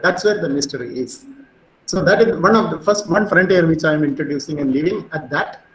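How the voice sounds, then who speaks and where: A middle-aged man giving a physics lecture, animated and storytelling, with frequent fillers. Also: on the high side, brisk, reverberant, a little hiss or hum, poor audio.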